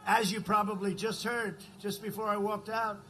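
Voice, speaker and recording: At a campaign rally, a man rambles and repeats himself, constantly asking the audience "right?" His high voice barely moves in pitch and keeps a normal speed, sounding pushed and bright over slight background noise.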